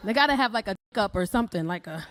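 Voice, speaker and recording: Brash lady comedian on stage, laughing at her own jokes, soft room noise behind. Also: mid-range voice, lively intonation, racing. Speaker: stand-up comedian. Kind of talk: stand-up comedy set. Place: comedy club stage with live audience. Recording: faint crowd laughter and noise.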